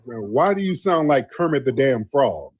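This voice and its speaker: A man's voice: medium pitch, sing-song, moderate pace, breathy edge. A man hosting a live call-in stream, blunt and loose, taking callers. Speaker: host.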